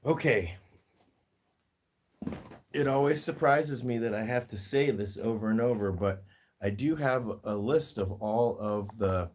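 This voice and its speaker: Male livestream host, unhurried, chatty and affectionate with his pets, mid-pitched voice. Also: darkish tone. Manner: chatty, fond baby-talk to his pets, laughs often. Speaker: guinea pig rescue livestream host. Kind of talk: casual livestream chat.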